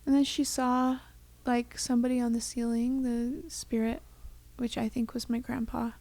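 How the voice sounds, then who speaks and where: Tender and near tears, a young woman co-hosts a podcast, chatting casually and rambling with lots of fillers. She speaks a little high in a warm, flat delivery at a moderate pace, recorded with no room sound.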